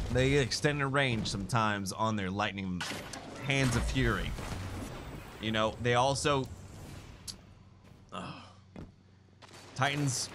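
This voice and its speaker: A young man giving jokey, excitable commentary while playing a shooter game, breaking into sudden shouts. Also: mid-range voice, a little slow, long pauses, over music. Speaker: gaming YouTuber. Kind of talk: live gameplay commentary. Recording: gunfire noise behind voice. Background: game gunfire.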